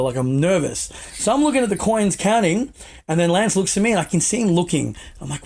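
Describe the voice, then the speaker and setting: A man's voice: sits high, sing-song, fairly quick, gravelly. A young Australian man in his twenties, a podcast guest telling casual, self-mocking anecdotes with the odd swear word. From Melbourne, Australia.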